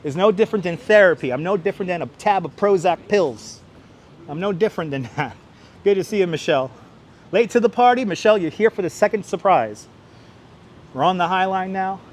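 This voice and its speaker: Male livestream host, high voice, playful and jokey, walking outdoors on a wireless lapel mic with faint traffic noise. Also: lively intonation, a little fast. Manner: jokey, breaks into playful singing, reads out viewer names. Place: outdoors on an elevated city park walkway. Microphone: wireless clip-on mic, phone on gimbal.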